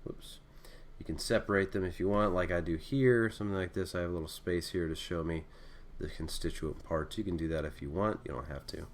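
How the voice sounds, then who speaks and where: Man, very deep voice, relaxed lesson, thinks aloud, self-correcting. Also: fairly quick, hardly any pauses, a little hiss or hum. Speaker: Greek teacher. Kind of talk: casual screen-recorded lesson.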